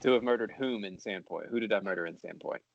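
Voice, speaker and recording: A man's voice: fairly low pitch, fast, gravelly, muffled recording, a little hiss or hum. A man voicing a terse male adventurer-hero with a put-on Russian accent, answering in clipped, reluctant phrases. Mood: guarded. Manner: clipped, reluctant, few words.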